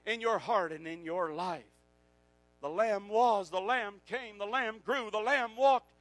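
A man preaching a sermon, swinging from hushed passages to shouted climaxes. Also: high voice, measured pace, no echo, low-quality recording.

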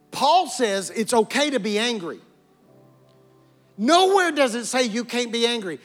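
A pastor preaching a sermon, building repeated lines into emphatic calls and dropping low to press a point. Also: male voice, lively intonation, moderate pace, fairly bright tone. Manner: repetitive preaching cadence, rising to emphatic calls. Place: church sanctuary. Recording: long hall reverb with music.

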